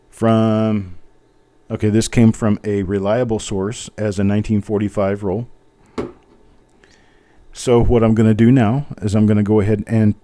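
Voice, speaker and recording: With a warm, lowish voice, a man runs a live coin auction stream, chatting easily and teasing himself. As he types, he announces who is bidding.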